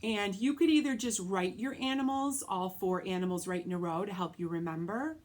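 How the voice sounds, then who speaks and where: A woman music teacher leads a recorded lesson for young children. She explains each step patiently and clearly, and she speaks the rhythm syllables aloud so the children can follow. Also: mid-range voice, brisk.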